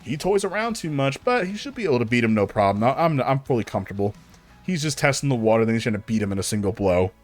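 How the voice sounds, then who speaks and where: A man's voice: medium pitch, very animated, quick pace, faint music behind, close to an everyday voice. A man voicing a cocky, easygoing male fusion warrior with an offhand, breezy manner.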